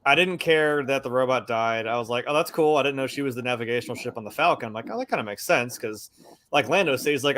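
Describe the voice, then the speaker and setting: A man chatting casually on a film discussion podcast, animated and profane, acting out quotes in mocking voices. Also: mid-range voice, fast, a little hiss or hum. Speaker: podcast co-host.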